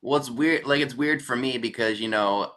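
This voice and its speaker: A man's voice: mid-range voice, moderate pace, fairly bright tone. A man chatting casually on a video call livestream, easygoing and a bit hesitant. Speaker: vintage shop owner guest.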